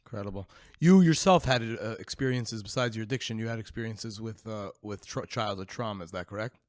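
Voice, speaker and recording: Soft-spoken man with a low voice. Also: fairly quick, dry recording. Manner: soft-spoken, hesitant questions with fillers. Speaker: podcast host. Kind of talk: interviewing.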